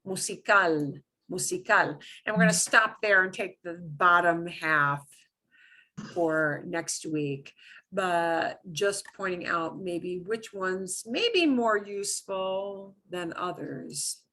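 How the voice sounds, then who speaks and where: A woman's voice: on the low side, slow, sharp tone. A woman teaching a beginners' Spanish class, patiently drilling pronunciation and having students repeat words. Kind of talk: online class lesson.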